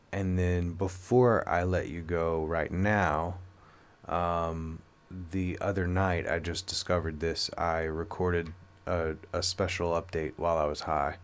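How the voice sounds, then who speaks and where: Low-voiced man wrapping up a podcast. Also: flat delivery, measured pace, clear, resonant tone. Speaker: podcast host. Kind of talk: casual episode wrap-up.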